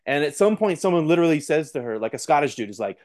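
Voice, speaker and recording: Animated man chatting about films. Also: on the high side. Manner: animated, quick, acts out what others say. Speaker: film critic guest. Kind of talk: casual podcast chat.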